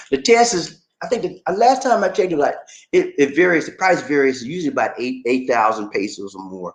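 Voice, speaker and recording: A man hosting a casual livestream chat, reading out viewer comments and answering them at length. His pitch swings widely as he talks. He sits a little above the usual male register and now and then bursts into shouted catchphrases. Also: fairly quick. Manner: animated, shouts catchphrases, reads comments aloud and reacts.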